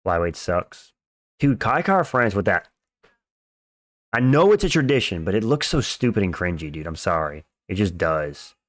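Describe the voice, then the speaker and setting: A livestream host chats casually in slang, reacting to fights and thanking viewers for donations. His voice sits low and sing-song at a moderate pace, recorded dry with studio quality.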